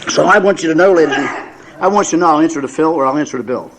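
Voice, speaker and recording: A man in his seventies with a fairly high voice, spinning self-mocking stories for a room of listeners. He talks in a folksy, unhurried way, stumbling through plenty of "uh"s and repeated words along the way. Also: noisy background. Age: 70s. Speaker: recovery meeting speaker. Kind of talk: humorous personal storytelling to an audience.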